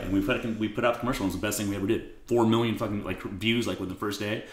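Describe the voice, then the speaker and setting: Profane, animated man in an echoey room. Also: on the low side, rapid-fire. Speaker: podcast guest. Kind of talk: casual interview storytelling.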